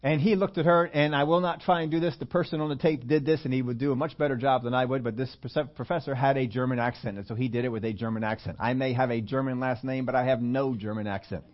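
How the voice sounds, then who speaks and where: A man's voice: medium pitch, steady tone, fast, hardly any pauses. A man preaching, telling a story in a chatty way, often quizzing his audience and restarting his sentences. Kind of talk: storytelling sermon. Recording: dull lo-fi recording.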